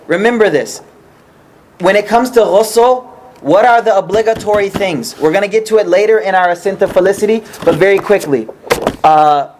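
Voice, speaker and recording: A man's voice: high voice, darkish tone, a little hiss or hum. A man teaching an informal religious study class, explaining patiently and checking often that the group follows.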